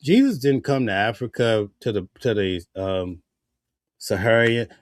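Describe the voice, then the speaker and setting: A man's voice: on the low side, measured pace, slight background noise. A man giving casual spoken commentary in a heated, preachy way, full of rhetorical questions. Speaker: vlogger.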